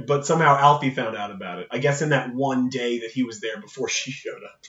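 A man co-hosting a casual movie-discussion chat, animated and swearing casually, often acting out characters' lines. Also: mid-range voice, a little fast. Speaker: podcast co-host. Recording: echoey room, distant mic, dull lo-fi sound.

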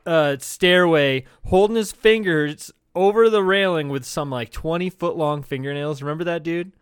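A man's voice: on the high side, moderate pace, smooth, dry recording, studio quality. A young man co-hosting a comedy podcast, teasing loosely and laughing often between lines. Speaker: podcast co-host. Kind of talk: profane comedy podcast chat.

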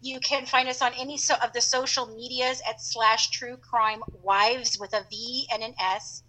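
A woman telling a funny travel story as a podcast guest, chatty and animated with lots of fillers. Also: a little high, fast talker, rough recording. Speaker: podcast guest and co-host of her own show. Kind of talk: casual storytelling.

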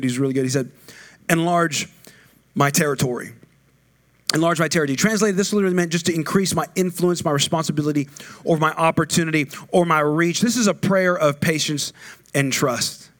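A middle-aged male pastor with a fairly high voice preaches in a loose, conversational way. He often swells into loud, rousing exhortation. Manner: conversational, builds to loud call-and-response preaching. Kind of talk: sermon.

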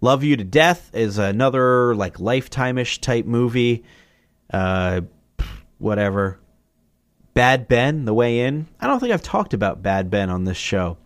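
A man hosting his own podcast, running through movie recommendations in a loose, rambling, jokey way, swearing freely and often jumping into excited, higher asides. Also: measured pace, no echo. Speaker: podcast host. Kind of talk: casual solo movie review.

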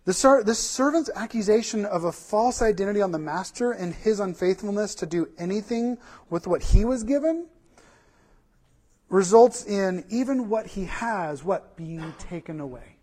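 A man preaches a sermon with a fairly high voice. He drives his points home through repeated lists and rhetorical questions. His delivery is animated and conversational. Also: normal speed. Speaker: pastor.

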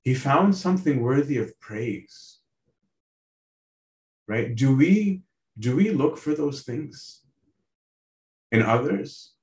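A man preaches as a priest, talking earnestly to his listeners and checking in with them as he goes. His voice sits at an ordinary middle pitch. The recording carries a noticeable roomy echo. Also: expressive, slow pace, long pauses, a little mellow. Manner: earnest, asks listeners direct questions; conversational, tags lines with "right?". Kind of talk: sermon on a Bible passage.

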